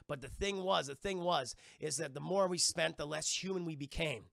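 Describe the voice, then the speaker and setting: A man casually reviewing a film for his stream's chat, with a profane, rambling, animated way of retelling scenes. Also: a little high, moderate pace, vocal fry, few pauses, no room sound, clean studio sound.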